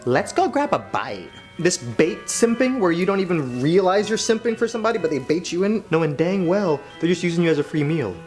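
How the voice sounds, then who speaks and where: A man's voice: high voice, brisk, few pauses, soft background music. A man telling a comedic story as a YouTuber, acting out the voices of the people he quotes. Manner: animated, acts out quoted voices.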